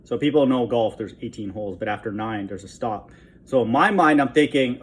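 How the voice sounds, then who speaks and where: A man's voice: medium pitch, expressive, fairly quick, husky. A man telling a story in a rambling, casual monologue, scornful in tone and constantly adding "okay?". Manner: scornful, contemptuous. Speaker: vlogger.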